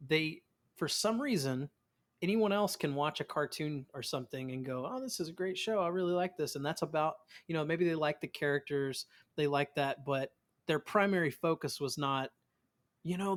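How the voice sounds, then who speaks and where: Chatty man with a fairly high voice. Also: normal speed. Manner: animated storyteller, acts out quotes of family; many restarts and repeated words. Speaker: voice actor guest. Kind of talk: casual interview chat.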